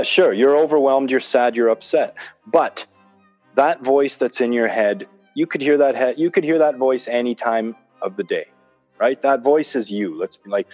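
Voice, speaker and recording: A man's voice: medium pitch, normal speed, darkish tone. A man in casual conversation, making his points with emphasis, repeating them and explaining with examples. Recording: dull lo-fi sound with faint music.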